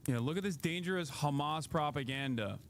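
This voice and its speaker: A high-pitched man in his thirties rants furiously on a live stream and swears freely as he reacts to a clip. His voice sits well above the usual male range. A faint hiss runs under the audio. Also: fairly quick. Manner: heated, profane ranting.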